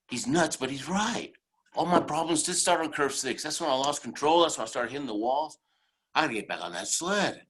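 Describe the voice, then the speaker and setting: A middle-aged man delivering a motivational keynote in a husky, slightly raspy voice. He tells his stories with animated energy and keeps checking in with the audience with "right?" and "okay?". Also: a little high, fairly quick. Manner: animated storytelling, tags lines with "right?" and "okay?". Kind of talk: motivational speech.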